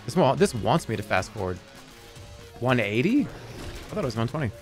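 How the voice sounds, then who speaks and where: A man's voice: mid-range voice, big pitch swings, normal speed, faint music behind. A man streaming live, chatting casually in a rambling, jokey way that trails off into mumbled asides.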